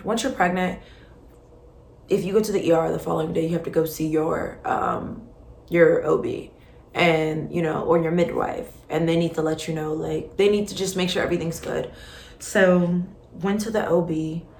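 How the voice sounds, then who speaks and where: Expressive woman telling a personal story. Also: on the low side. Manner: expressive, conversational, lots of fillers. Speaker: podcast host. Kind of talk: candid storytelling. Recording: roomy echo with faint background hum. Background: faint ambient noise, passing truck.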